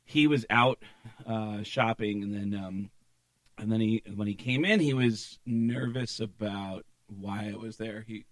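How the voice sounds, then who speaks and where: Bright-voiced man telling profane stories. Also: fairly low pitch, unhurried, no room sound. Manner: animated, profane anecdotes with frequent fillers. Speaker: guest comedian. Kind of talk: storytelling in a casual podcast interview.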